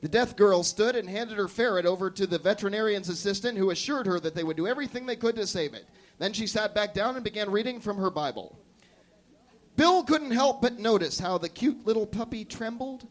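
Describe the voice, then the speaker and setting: High-voiced man reading a comic story. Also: a little fast. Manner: deadpan absurd storytelling. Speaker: performance artist. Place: café.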